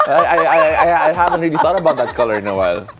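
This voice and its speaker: Animated Filipino male TV co-host. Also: fairly high pitch, racing, very noisy. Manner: rambling, self-mocking storyteller. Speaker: morning show co-host. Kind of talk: casual on-air banter. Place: TV studio.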